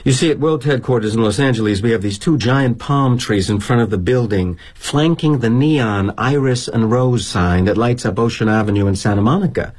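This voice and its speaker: A middle-aged actor playing a weary, guilt-ridden corporate executive in a dramatic monologue, wry and confiding. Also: male voice, medium pitch, normal speed, few pauses, darkish tone, breathy edge, close to an everyday voice.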